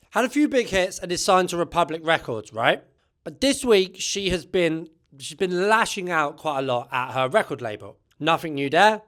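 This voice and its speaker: A man's voice: high-pitched, fairly bright tone, smooth. Chatty man, opinionated commentary. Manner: chatty, opinionated, says "right?" often. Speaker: music channel host. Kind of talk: casual commentary to camera.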